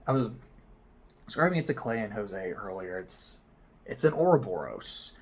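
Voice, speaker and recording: A man telling a personal story to camera in a casual vlog, swinging between loud excited bursts and quiet near-whispered asides. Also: fairly low pitch, normal speed, breathy edge. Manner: frequent swearing, casual slang. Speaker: vlogger.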